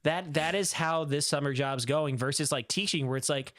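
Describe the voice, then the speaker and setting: A man's voice: a little high, normal speed, no echo, clean studio sound. A man co-hosting a casual podcast, telling work stories and acting out callers in shifting voices. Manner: animated storyteller, acts out callers in shifting voices. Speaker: podcast co-host. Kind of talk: casual chat.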